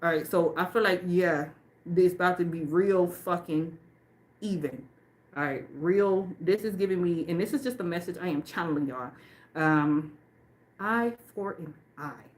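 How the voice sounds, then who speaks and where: A woman doing a livestream card reading off camera, speaking emphatically and with a lot of swearing, and reading the card text aloud slowly. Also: on the low side, darkish tone. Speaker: tarot and oracle card reader. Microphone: off camera, face not shown.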